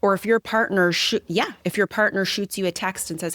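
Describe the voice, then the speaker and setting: A woman's voice: mid-range voice, steady tone, fairly quick, fairly bright tone, no room sound. A young woman hosting a podcast, talking through her ideas in a thoughtful, reflective way. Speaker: podcast host. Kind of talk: conversational interview.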